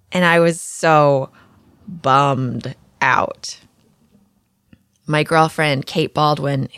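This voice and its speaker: Woman podcast host rambling about her week, kinda low voice, dead dry close mic, candid and self-mocking. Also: a bit bright, clean tone, no room sound. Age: adult mother. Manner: chatty, candid and self-deprecating. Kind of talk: casual podcast monologue.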